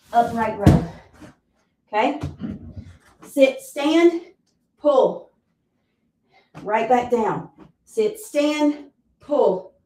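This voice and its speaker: A woman's voice: fairly high pitch, expressive, drawn-out words, pauses often, dark tone. Breathless woman counting workout reps. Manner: counts reps aloud, encouraging and reassuring. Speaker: fitness instructor. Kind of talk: live workout class instruction. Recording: roomy sound, mic at a distance.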